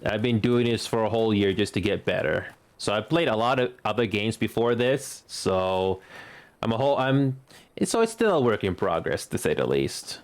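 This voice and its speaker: Low-voiced halting man in his late twenties. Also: lively intonation. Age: late 20s. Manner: halting, stumbles and restarts words. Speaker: streamer. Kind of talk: casual gameplay commentary.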